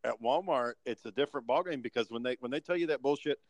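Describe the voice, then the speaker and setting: A man's voice: medium pitch, fast, slight background noise, rough recording. A man in casual chat, telling sardonic, profane stories about bad managers and rude customers, acting out their lines.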